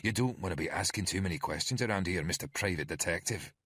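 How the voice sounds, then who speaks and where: A man's voice: deep voice, quick pace, fairly bright tone, breathy edge, dry recording, clean studio sound. A man doing a menacing Scottish thug.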